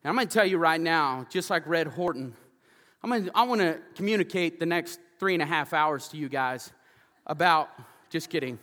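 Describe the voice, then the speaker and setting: A man preaching a sermon as pastor in a church, telling stories energetically and getting loud and animated. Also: fairly high pitch, moderate pace, big-room sound. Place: church sanctuary.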